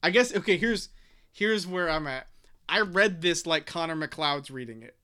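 A man's voice: on the high side, lively intonation, normal speed, pushed and bright, clear, resonant tone. A man in casual conversation about a book, talking hesitantly with many restarts and reading short passages aloud. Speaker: podcast co-host discussing a book. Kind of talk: casual chat.

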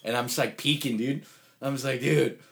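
A man telling a rambling, profane story in casual chat, saying "dude" constantly and getting loud when excited. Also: medium pitch, normal speed, vocal fry.

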